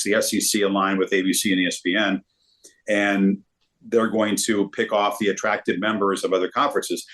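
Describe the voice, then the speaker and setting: Lowish guy, chatty storyteller, trips over his words a bit. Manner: animated storyteller with frequent repeated words. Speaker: sportscaster guest. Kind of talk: casual storytelling interview.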